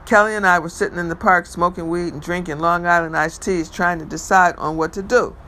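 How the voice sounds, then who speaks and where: A man reading a first-person novel aloud in a measured storytelling manner, with occasional stumbles over words. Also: high-pitched, steady tone, bright, forceful tone, slight background noise, low-quality recording. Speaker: reader.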